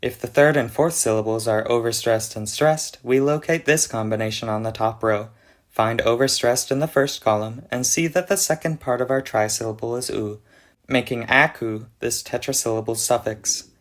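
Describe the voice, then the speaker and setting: A man's voice: medium pitch, moderate pace. A man narrating a scripted explanation of an invented language, with a dry, mock-serious delivery. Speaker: conlang video narrator.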